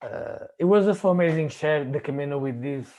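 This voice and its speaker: A man hosting a casual chat, telling personal stories haltingly, often searching for words and restarting. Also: fairly high pitch, darkish tone, poor audio. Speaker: podcast host.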